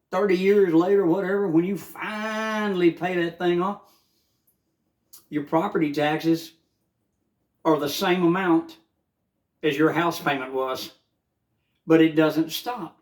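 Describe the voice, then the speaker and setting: A man's voice: fairly high pitch, a little mellow. An older man, rambling fervently in a casual morning monologue, with many filler uhs. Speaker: vlogger.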